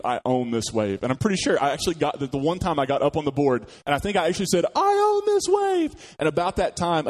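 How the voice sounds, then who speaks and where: A man's voice: medium pitch, a little mellow. A man preaching a sermon, telling personal stories and acting out quoted voices, with frequent restarts. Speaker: pastor.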